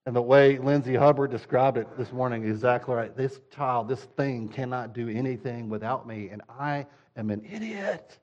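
Animated man telling funny stories. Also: mid-range voice, normal speed, hardly any pauses. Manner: animated, acts out scenes with swinging energy. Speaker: father. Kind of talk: humorous sermon storytelling. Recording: dull lo-fi recording.

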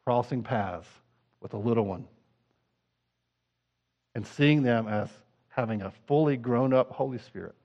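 In a lo-fi recording, a middle-aged man preaches as pastor with a lowish voice. His sermon is conversational, swinging from hushed asides to fervent appeals.

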